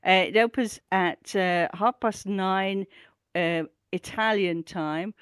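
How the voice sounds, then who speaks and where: A woman's voice: medium pitch, slow, clean tone, dry recording. A woman presenting a regular events roundup on a talk show, chatty and enthusiastic, with lots of ums and uhs. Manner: chatty, enthusiastic, with frequent fillers. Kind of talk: casual community news roundup.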